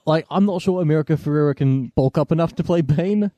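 A man's voice: on the high side, quick pace, dark tone, no echo. A man co-hosting a film podcast in casual chat, joking dryly and stammering on restarts. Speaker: podcast co-host.

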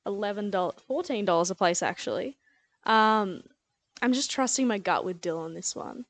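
A relaxed woman chats through her racing picks and laughs easily. Her voice sits in a middle range for a woman. The recording is close and dry, with no room sound. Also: medium pitch, moderate pace, dry recording. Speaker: podcast guest tipster. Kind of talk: casual racing tips chat.

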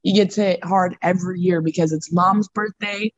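A woman's voice: fairly low pitch, steady tone, normal speed, highs cut off. A woman chatting as a podcast guest, laughing often and using casual slang. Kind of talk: casual chat.

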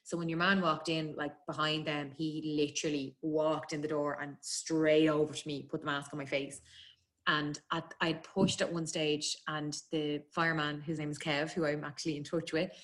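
A woman's voice: low-pitched, level tone, fairly bright tone. An Irish woman chatting freely as a guest, telling a personal story with feeling and frequent laughs. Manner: chatty, emotional, quick to laugh.

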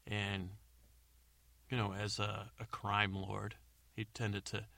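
A man with a low, gravelly voice that still has a bright, forward edge. He rambles through a bedtime story, doubting himself and wandering off into asides. The recording is close and dry. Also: monotone, slow pace, dry recording. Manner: meandering, self-correcting, unsure asides. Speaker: podcast host.

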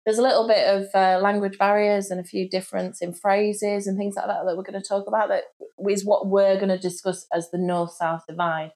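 A woman's voice: mid-range voice, flat delivery, a little fast, darkish tone, poor audio. A woman from Northeast Lincolnshire who hosts a podcast, chatting casually and laughing often. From Northeast Lincolnshire, England. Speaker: podcast host. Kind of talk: casual chat.

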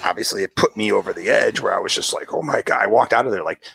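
A man's voice: fast talker, gravelly, slight background noise. A man in his fifties telling a long personal story in casual chat, acting out the people in it. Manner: animated storyteller, jumps to high pitch for quoted voices.

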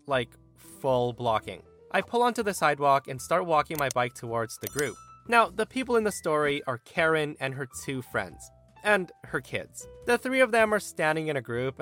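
A young man narrates a forum story in a lively, expressive way. His voice sits a bit high and swings widely as he plays the different people. Soft music runs under him. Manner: lively, acts out quoted lines with raised pitch. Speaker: narrator reading a Reddit story.

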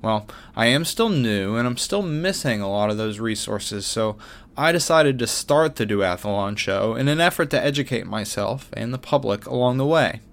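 A man's voice: medium pitch, lively intonation, moderate pace, vocal fry. A man hosting his own sports podcast, reading a wry, self-mocking script with jokey asides. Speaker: podcast host. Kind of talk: scripted monologue.

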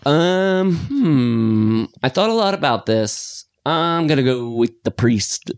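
A man co-hosting a podcast, chatting casually about a horror film in an excitable, rambling way with sudden jumps in pitch. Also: slow, smooth. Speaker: podcast co-host. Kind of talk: casual film review chat.

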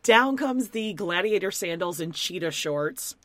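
A woman chatting casually as a podcast co-host, her pitch swinging widely as she recaps and plays out the cast's lines. The sound is dry and close, with no room around her voice. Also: measured pace, dry recording. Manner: animated, acts out quotes in silly voices. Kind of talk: casual chat recapping a reality show.

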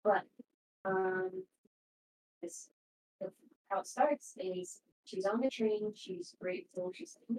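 A woman chatting casually before a live stream, retelling a show in a rambling, animated way with lots of fillers. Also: high-pitched, slow, gravelly, long pauses. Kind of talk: casual chat. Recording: roomy, distant mic with background noise.

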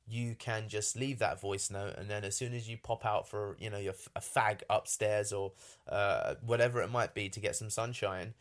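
A man in a casual monologue, rambling with lots of fillers and restarts, enthusiastic and swearing for emphasis. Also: lowish voice.

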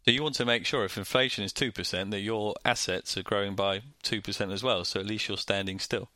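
A man's voice: fairly low pitch, fairly even intonation, fairly quick, bright, forceful tone, no room sound. Northern English man explaining finance plainly. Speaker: co-host. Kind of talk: casual explanatory chat.

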